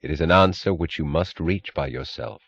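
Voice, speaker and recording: A man's voice: moderate pace, fairly bright tone, breathy edge, highs cut off, full character voice. Man reading as a terse, guarded aloof man. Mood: cryptic. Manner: low, terse, withholding.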